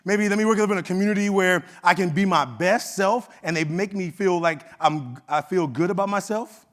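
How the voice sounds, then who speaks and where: A middle-aged man with an Oakland, California accent gives a keynote speech from a conference hall stage. His voice is high and fairly bright, and he moves at a moderate pace. He tells a personal story conversationally, acting out the quoted dialogue.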